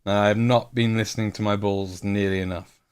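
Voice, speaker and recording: A man's voice: lowish voice, steady tone, brisk, clean tone. A man in his late thirties chatting casually on a live stream while painting miniatures, rambling and joking and laughing at himself. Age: 30s.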